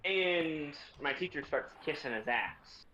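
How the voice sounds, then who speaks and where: A young man streaming, telling a story in a casual, sarcastic and profane way, speeding up in quick bursts. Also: on the high side, lively intonation, sharp tone, lo-fi sound, slight background noise.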